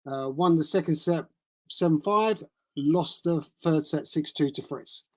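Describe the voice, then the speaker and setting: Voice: medium pitch, unhurried, darkish tone. Casual tennis streamer, mid-range voice, rambles with fillers. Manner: rambling, chatty, thinks aloud with fillers. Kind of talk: casual live-stream chat. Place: cold room at home with a small heater.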